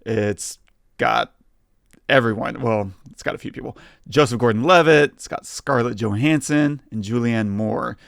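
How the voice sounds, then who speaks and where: A man co-hosting a film podcast, talking in a relaxed, casual way with plenty of fillers. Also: mid-range voice, unhurried, vocal fry, no echo, clean studio sound. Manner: relaxed, lots of fillers and laughs. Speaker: podcast co-host. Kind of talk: casual chat.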